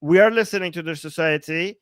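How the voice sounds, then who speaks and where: A man from Iran speaks English, hosting a live political stream and reacting to the chat with sarcasm and quick laughs. His voice sits a little high for a man. The sound is dry and close to the mic. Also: smooth, dry recording. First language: Persian. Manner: animated, sarcastic, laughs often, reads chat aloud. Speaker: political commentator and livestream host.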